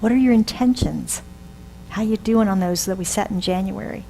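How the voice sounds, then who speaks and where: Older woman minister, relaxed conversational sermon delivery with rhetorical questions; faint hum under the recording. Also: mid-range voice, normal speed, creaky, rough recording. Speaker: reverend.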